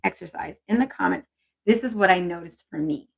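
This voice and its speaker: A woman's voice: fairly low pitch, fairly quick, creaky, breathy edge, poor audio. A woman hosting a casual live stream on intuition, chatty and encouraging as she reads viewer comments aloud.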